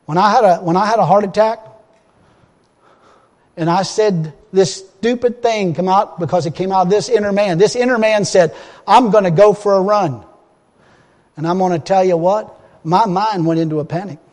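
A man's voice: sits high, normal speed, darkish tone, big-room sound. A man preaching a sermon in an emphatic, folksy way, often restarting his phrases.

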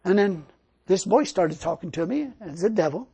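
A man's voice: high-pitched, animated, moderate pace, dark tone, husky. A male preacher giving a sermon, telling stories emphatically and laughing often.

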